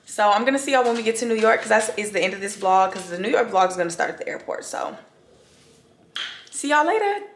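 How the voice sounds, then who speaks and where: A woman's voice: medium pitch, very animated, fast, hardly any pauses, slight background noise. Chatty woman vlogging from her bedroom. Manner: chatty, addresses viewers as y'all. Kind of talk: casual vlog chat to camera.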